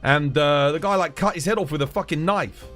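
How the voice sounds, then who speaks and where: A man's voice: on the high side, brisk, fairly bright tone, soft background music. Ranting British man streamer. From United Kingdom. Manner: heated, swears a lot, keeps saying "dude". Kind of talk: casual live-stream rant.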